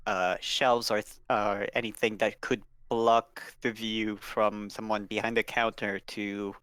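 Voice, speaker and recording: A man's voice: on the low side, little pitch movement, a little slow, a bit bright, clean tone, no echo. A man playing a tabletop game, hesitant and stumbling over his words. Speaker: player.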